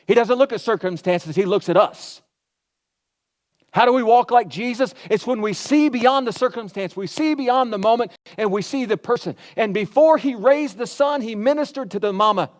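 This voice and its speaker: A man with a high voice preaches a sermon. He talks to the room in a chatty way, with rhetorical questions and quotes that he acts out. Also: normal speed. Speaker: pastor.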